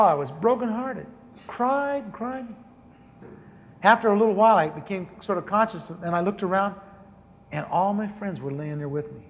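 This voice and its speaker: A man in his sixties preaching a personal testimony, storytelling with self-mocking humor and acting out his own prayers. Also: high voice. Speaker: pastor. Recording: lo-fi hall recording with faint hiss.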